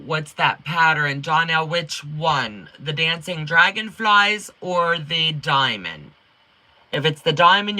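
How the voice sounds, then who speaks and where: A middle-aged woman hosting a quilting livestream, chatting in a folksy way with a strong accent, talking fast and reading viewer comments. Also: sits low. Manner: upbeat and warm toward viewers.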